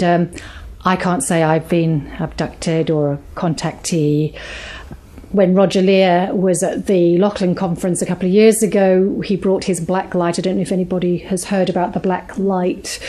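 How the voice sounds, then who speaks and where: A woman's voice: on the low side, level tone, measured pace, mellow. A British woman organising a small meeting, speaking in a rambling way with many fillers and earnest thanks.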